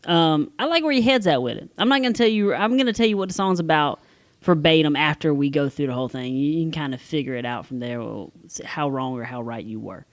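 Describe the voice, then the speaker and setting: A man's voice: a little high, lively intonation, no room sound. Dry-miked man chatting casually. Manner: reads song lyrics aloud slowly, with fillers. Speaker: podcast co-host. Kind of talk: casual podcast chat.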